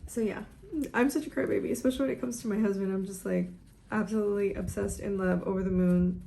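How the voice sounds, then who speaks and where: Speaking fast in a medium-pitched, gravelly yet mellow voice with fairly even intonation, this young woman chats while applying makeup at home. The beauty vlogger rambles through a casual get-ready-with-me talk, teary and nearly in tears.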